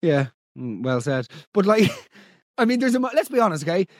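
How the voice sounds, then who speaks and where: An Irish man hosting a podcast, mocking listener stories in comic commentary with big theatrical swings in pitch. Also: very animated, normal speed, dry recording, studio quality. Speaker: podcast host.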